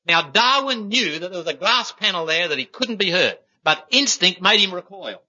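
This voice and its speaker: A man's voice: sits high, expressive, normal speed, pushed and bright, husky, muffled recording. A man preaching a sermon in an earnest, folksy way, telling stories and calling his listeners "my friends.".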